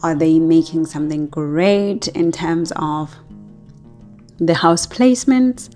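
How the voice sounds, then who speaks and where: A woman's voice: deep voice, slow, a little mellow, faint music behind. A woman astrologer talking casually to her viewers, chatty and often breaking into laughter between thoughts. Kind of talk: casual talk to camera.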